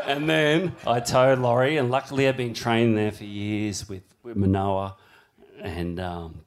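A man's voice: lowish voice, unhurried, long pauses. Middle-aged male surfer guest, casual, swears freely, acts out quotes. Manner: swears constantly, acts out quotes with rising animated voice. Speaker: guest big-wave surfer. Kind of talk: casual storytelling in a podcast chat.

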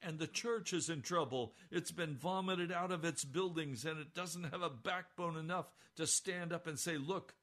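An older man preaching a sermon as a pastor, impassioned, swinging between hushed and crying out, his voice almost hoarse. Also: fairly high pitch, moderate pace, hardly any pauses.

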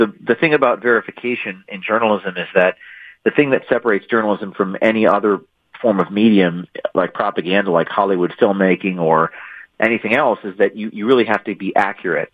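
A man's voice: lowish voice, a little fast, no echo. A man being interviewed as an author, answering emphatically and often repeating and restarting words. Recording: thin phone-line audio.

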